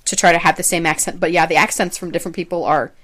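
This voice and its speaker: A woman's voice: on the low side, steady tone, rapid-fire, a bit bright. A young adult woman co-hosting a podcast in casual chat, chatty, laughing often and trailing off mid-sentence. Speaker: podcast co-host.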